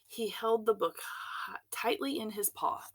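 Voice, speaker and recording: A woman reading a children's storybook aloud in an expressive, unhurried way. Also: on the high side, a little hiss or hum.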